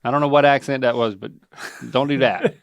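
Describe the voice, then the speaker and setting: A man's voice: mid-range voice, fairly even intonation, fairly quick, smooth, no echo, dull audio. A man hosting a casual chat in a playful, teasing, coaching manner. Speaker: podcast host, the son.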